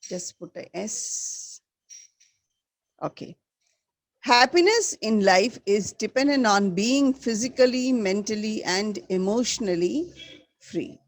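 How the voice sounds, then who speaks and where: A woman teaching a school class, slowly repeating the key words for her students. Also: mid-range voice, animated, no echo. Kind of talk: classroom lesson.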